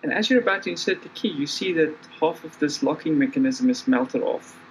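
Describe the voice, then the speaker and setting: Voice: mid-range voice, brisk, slight background noise, poor audio. Casual game master narrating.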